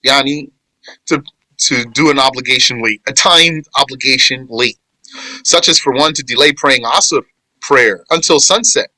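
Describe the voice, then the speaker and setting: A religious teacher runs an informal class on Islamic law, quizzing students, responding to their answers, restating points and correcting phrasing as he goes. His medium-pitched voice moves at normal speed and sounds pushed and bright, with no room sound and poor audio quality.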